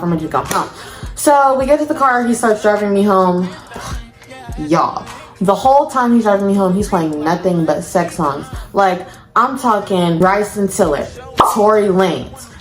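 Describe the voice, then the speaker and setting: A woman's voice: mid-range voice, reverberant. A young woman telling a storytime vlog to her viewers in casual slang, addressing them as y'all. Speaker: storytime vlogger.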